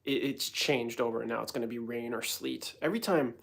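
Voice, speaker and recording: Man, from New York, gravelly voice, hyper, rambling, self-mocking, casual livestream host. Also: mid-range voice, fairly quick, fairly bright tone.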